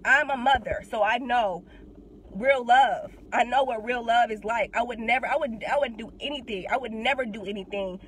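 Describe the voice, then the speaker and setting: A woman's voice: a little high, moderate pace, a little hiss or hum, rough recording. Blunt, profane young woman ranting in a car. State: getting over a cold. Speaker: vlogger. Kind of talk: casual monologue.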